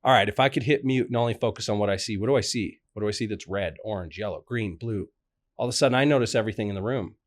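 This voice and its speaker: A man who works as a coach, a podcast guest speaking in a measured, teacherly way with rhetorical questions. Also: on the low side. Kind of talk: podcast interview.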